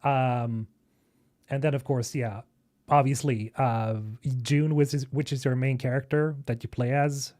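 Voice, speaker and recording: A man hosting a live stream, reacting casually and excitedly to a game video, thinking aloud and swearing. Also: medium pitch, measured pace. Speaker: streamer host.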